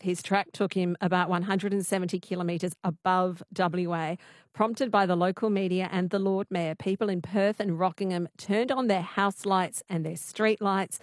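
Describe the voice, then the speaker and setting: A woman's voice: on the low side, no echo, studio quality. A woman hosting a talkback radio quiz, laughing often as she chats with callers. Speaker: radio host.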